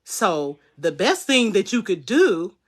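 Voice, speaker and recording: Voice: mid-range voice, big pitch swings, takes it slowly, fairly bright tone. A wellness coach giving a live motivational talk in a conversational way, repeating key phrases for emphasis and acting out the inner voices they describe. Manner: conversational, acts out inner voices and quoted dialogue.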